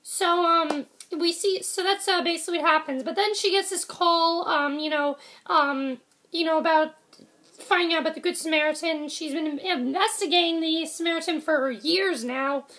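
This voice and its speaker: Young woman, high pitch, chatty rambling reviewer who keeps correcting herself and saying sorry. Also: moderate pace, a bit bright. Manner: rambling, self-correcting, frequent ums and apologies. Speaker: TV episode reviewer. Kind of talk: casual video review.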